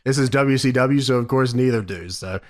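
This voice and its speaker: A man's voice: medium pitch, fairly quick, darkish tone. A man co-hosting a casual podcast, loose and slangy, swearing and laughing as he talks. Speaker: podcast co-host. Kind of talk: casual chat.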